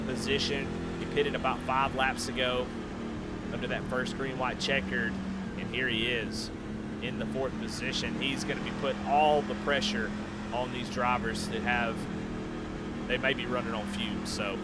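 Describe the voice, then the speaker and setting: A man calling a sim race live, excitable and given to repeating the same questions. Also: mid-range voice, normal speed, heavy background noise. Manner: excitable, repeats questions, builds to shouting at the finish. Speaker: sim racing commentator.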